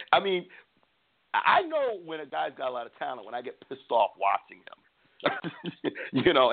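A man with a gravelly, fry-heavy voice hosts a casual sports talk show. He talks in an animated, opinionated way and often repeats words before finishing a thought. The sound is thin and phone-like. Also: mid-range voice. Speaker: podcast host. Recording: tinny phone-like line.

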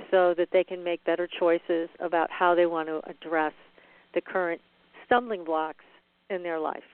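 Calm interview host, smooth clear voice, dry phone-line sound. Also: medium pitch, dry recording. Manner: measured, affirming. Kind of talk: interview questions.

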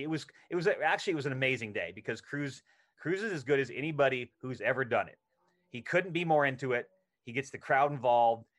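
A middle-aged male actor, a podcast guest, telling a story in casual conversation and acting out the lines he quotes. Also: mid-range voice. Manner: animated anecdote telling, acts out quoted lines.

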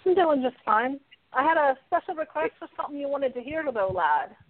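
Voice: high-pitched, expressive, a little fast. A caller voicing a brash young woman wrestler with a sing-song manner who keeps calling people lad, heard over a phone line. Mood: cheeky. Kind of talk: call-in banter in character. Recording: tinny phone line, dry.

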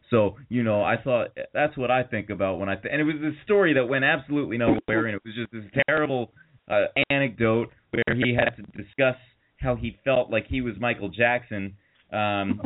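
A man's voice: medium pitch, slight background noise. A man telling a long story in casual chat, rambling with fillers and restarts and mocking the people in it. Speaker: podcast co-host. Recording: tinny phone-like audio.

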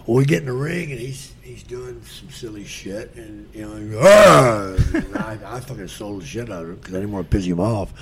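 A man's voice: medium pitch, big pitch swings, a little fast, creaky, hardly any pauses, darkish tone. An older man, a podcast guest, telling profane stories in a drawl and acting out the voices of the people in them. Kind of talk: casual storytelling.

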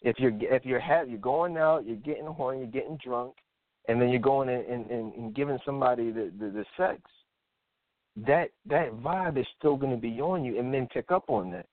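A man's voice: medium pitch, moderate pace, dry recording. Man, talk show host, blunt opinionated monologue, tinny phone-like sound, dry. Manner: blunt, emphatic, repeats words.

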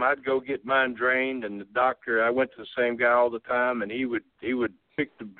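A man's voice: mid-range voice, no room sound. Folksy man on a tinny line. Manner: drawling, folksy, laughs while telling stories. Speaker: guest, former wrestler. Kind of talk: casual storytelling. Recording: tinny phone-like line, dry.

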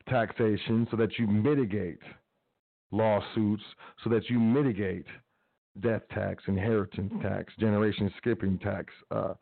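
Talk radio host, male, low voice, casual and emphatic, phone-thin sound, dry. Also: vocal fry, dry recording. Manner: casual, emphatic, repeats phrases. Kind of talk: motivational talk radio monologue. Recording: tinny phone-like line, dry.

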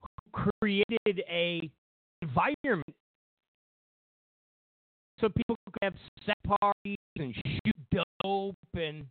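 A man's voice: sits high, slow, pauses often, no room sound, narrow, tinny audio. A male show host telling a meandering, opinionated story, full of fillers and restarts. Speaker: host of political commentary show. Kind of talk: rambling opinionated monologue.

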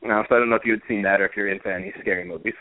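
A man co-hosting a podcast in casual chat, telling stories in a chatty, animated way. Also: lowish voice, rapid-fire, no echo. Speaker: podcast co-host. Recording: tinny phone-like dry audio.

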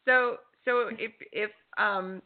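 A woman's voice: medium pitch, slow pace. A woman radio host, asking enthusiastic questions with a lot of stumbling and repeating. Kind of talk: casual interview talk. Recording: phone-like narrow sound.

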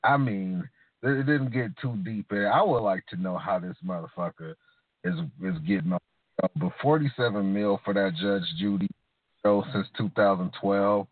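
A man co-hosting a podcast, trading casual profane opinions and slowing down to stress his points. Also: fairly low pitch, no echo. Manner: drawling, opinionated, slows down for emphasis. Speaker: podcast co-host. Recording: dry, tinny phone-like sound.

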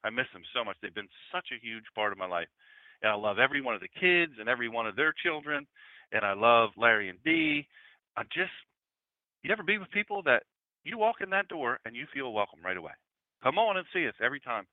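A man's voice: mid-range voice, very animated, fast, no echo. A man in his fifties preaching a casual, conversational sermon and talking with his congregation. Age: 50s. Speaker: pastor. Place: church room with congregation. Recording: tinny phone-like sound.

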